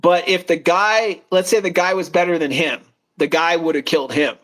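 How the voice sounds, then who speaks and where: Man, high voice, rambling storyteller, casual co-host, acts out quotes. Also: fairly even intonation, moderate pace, fairly bright tone. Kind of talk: casual chat.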